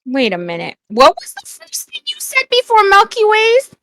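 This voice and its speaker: A woman chatting playfully on a stream, excitable and teasing, firing off quick questions. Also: very high voice, dry recording. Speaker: guest streamer.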